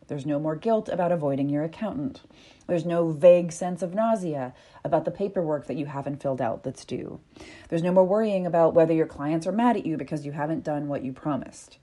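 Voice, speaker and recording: A woman's voice: on the low side, mellow. A woman hosting a solo podcast, talking candidly and casually, swearing now and then and acting out panicked inner voices. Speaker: podcast host.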